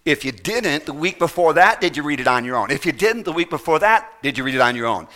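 A man's voice: a little high, animated, quick pace, sharp tone. A middle-aged man preaching a sermon, pressing his point with repeated rhetorical questions. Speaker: pastor.

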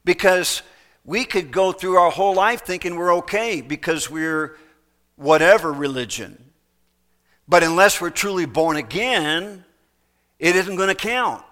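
Male preacher, bright tense tone, slightly high voice, sermon with homespun examples. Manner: folksy illustrations, emphatic pauses.

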